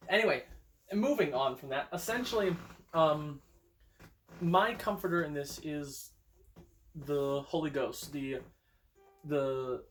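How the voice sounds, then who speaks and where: A young man chatting casually while playing guitar in a room at home, thinking aloud with hesitant restarts, recorded on a phone. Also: on the high side. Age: young adult. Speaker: amateur songwriter streaming a guitar session.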